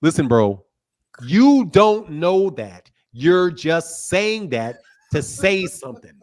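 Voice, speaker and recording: A man's voice: high-pitched, very animated, slow pace. A man hosting a boxing talk show, arguing heatedly, interrupting and swearing. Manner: combative, interrupting, profane. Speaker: boxing channel host. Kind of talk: heated debate.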